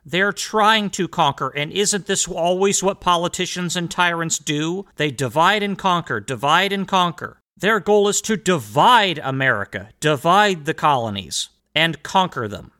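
Fiery, animated man lecturing listeners. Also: on the high side, a little slow, hardly any pauses. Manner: emphatic and rhetorical, addressing listeners directly; sarcastic asides. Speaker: host. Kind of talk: history commentary monologue.

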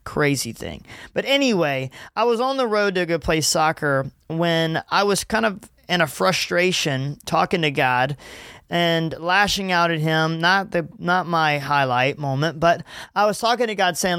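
A man's voice: a little high, lively intonation, unhurried, sharp tone, clear, resonant tone, no echo, clean studio sound. A man in his twenties hosting a casual faith podcast, talking in a jokey, self-mocking, chatty way. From Louisiana. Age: 20s. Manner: jokey, laughing at himself, chatty. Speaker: podcast host.

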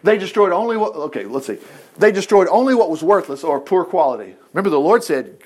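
A man with a high voice that leaps up and down as he teaches from the Bible. He talks casually and with animation, reading the text and stopping for quick remarks of his own. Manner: animated, reads scripture with asides and quick voiced quotes.

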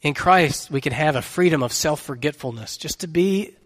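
A man's voice: a little high, expressive, moderate pace, long reverb tail. A man preaching a sermon as pastor, telling a story in an earnest, conversational way.

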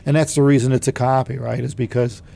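A relaxed man hosts a casual chat and laughs easily. His voice is dark and mellow with a lot of gravelly fry. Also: medium pitch, quick pace. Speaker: host.

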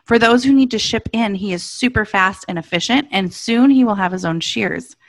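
A woman's voice: medium pitch, moderate pace, no room sound. A woman hosting a podcast, upbeat and enthusiastic in casual chat. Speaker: podcast host.

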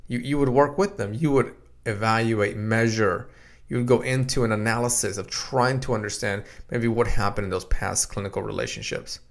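Male podcast host, low gravelly voice, easygoing advice talk that repeats itself. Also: moderate pace. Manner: conversational, repeats words, quotes clients in dialogue. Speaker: podcast host and practice consultant. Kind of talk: casual solo podcast advice. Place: home podcast room in a basement.

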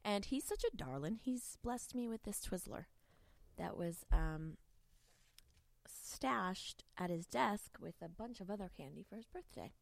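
A woman's voice: medium pitch, animated, measured pace, creaky, no room sound. A woman evangelist hosting a podcast, teaching from the Bible in a casual, filler-heavy way with bits of street slang, at a studio mic. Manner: chatty and informal, with many fillers and street slang. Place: podcast studio with a co-worker present.

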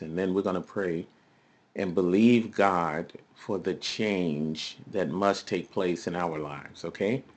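A male preacher giving a recorded teaching sermon, emphatic and often asking his listeners questions. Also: lowish voice.

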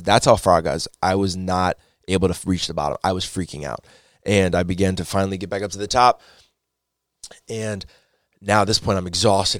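A man giving a personal faith testimony, telling his story earnestly and excitably, often repeating words as he gets wound up. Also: low voice, no echo, studio quality.

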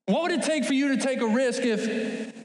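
High-voiced man in an echoey hall. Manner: rambling, many "like" fillers, animated. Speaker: youth speaker. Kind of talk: storytelling talk to students.

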